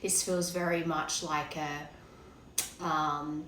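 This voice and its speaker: A woman with a hoarse, cracking voice from being unwell, giving a rambling, hesitant tarot reading to her viewers. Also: sits low, little pitch movement, takes it slowly, echoey room, very noisy. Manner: rambling, hesitant, many fillers. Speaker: tarot card reader. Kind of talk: casual tarot reading to camera.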